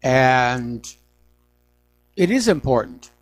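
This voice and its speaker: A man's voice: medium pitch, sing-song, drawn-out words. A middle-aged man hosting a news talk radio show, giving emphatic, indignant opinions on the day's stories.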